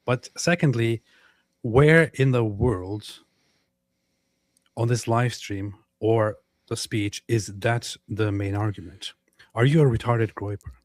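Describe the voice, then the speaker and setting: A man hosting a livestream, chatting casually in a deadpan, teasing way. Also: medium pitch, takes it slowly, dry recording. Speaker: co-host.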